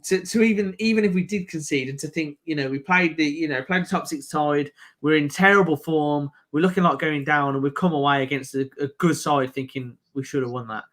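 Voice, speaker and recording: A man with a Birmingham accent hosting a football watch-along stream, chatting casually and reacting loudly to the match. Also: on the high side, brisk, few pauses. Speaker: stream host.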